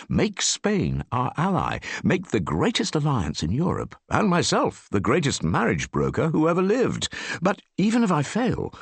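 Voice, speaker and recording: A man's voice: medium pitch, gravelly, slightly rough, no echo, pitched above the performer's own voice, full character voice. A man voicing a dashing, merry young duke in an audiobook, speaking boldly and playfully. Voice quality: bold and playful.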